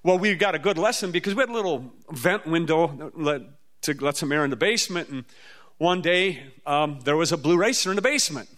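Folksy, animated man preaching a story. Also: brisk. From Midwestern US, near the Mississippi River. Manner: folksy, animated storytelling with sudden high-pitched bursts. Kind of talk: storytelling sermon.

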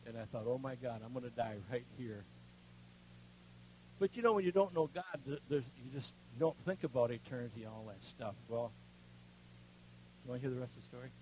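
An older man preaching, telling a personal story in a folksy way, dropping to a hush and then rising loud. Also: medium pitch, quick pace, a little hiss or hum, poor audio. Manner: folksy storytelling with strong swings between hushed and loud. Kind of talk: sermon with personal testimony.

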